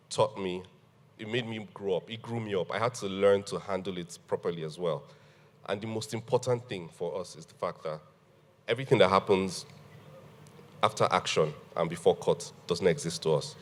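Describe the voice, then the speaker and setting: A man telling an animated story on a panel, laughing and acting out what people said. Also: low-pitched, normal speed, in a large hall. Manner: animated, laughing storyteller who acts out quotes. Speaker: guest.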